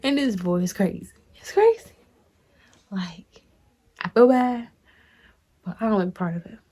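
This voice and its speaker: A young woman tells a story to her viewers in a loose, animated, chatty way. She jumps up high when she gets excited and swears without a second thought. It sounds like talking to friends on camera. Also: moderate pace. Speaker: vlogger. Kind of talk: casual storytime.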